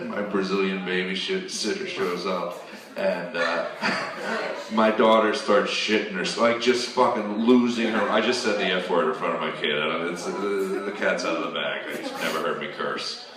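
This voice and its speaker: A man's voice: low-pitched, measured pace, very noisy. A man doing a stand-up set in a comedy club, chatty and riffing with the audience. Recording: distant roomy club recording. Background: audience laughter.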